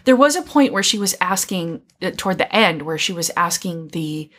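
A woman co-hosting a podcast, chatting animatedly about a movie and acting out lines from it. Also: fairly low pitch. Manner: animated, quick restarts, quotes characters. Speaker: podcast co-host. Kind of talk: casual movie discussion.

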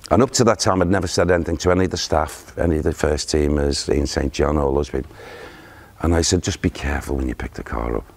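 An older man with a very deep voice tells a story in an interview, and his gravelly tone gets livelier as he acts out the people he quotes. His voice is husky rather than clear. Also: fast. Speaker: interviewee, spiritual medium. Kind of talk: anecdotal storytelling. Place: theatre.

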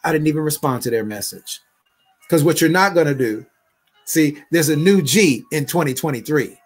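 A man's voice: a little high, lively intonation, normal speed, breathy edge, faint music behind. A middle-aged man, a bishop and online pastor, speaking in an emphatic, conversational way on a live prayer broadcast and repeating his phrases.

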